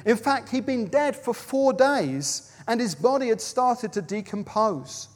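A man's voice: very high-pitched, lively intonation, a little slow. A man preaching a sermon at a baptism service, telling Bible stories dramatically. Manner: storytelling, dramatic quoting with shifts in loudness. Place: large venue with a platform. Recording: long reverb of a large hall.

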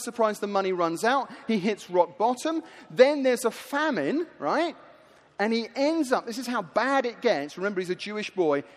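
A male preacher giving a rousing sermon in a large hall, telling the story in a lively way. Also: extremely high pitch.

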